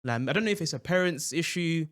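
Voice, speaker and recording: A man's voice: fairly high pitch, expressive, fast, a bit bright. A young man, a guest content creator chatting casually in an interview, with many fillers and restarts. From England.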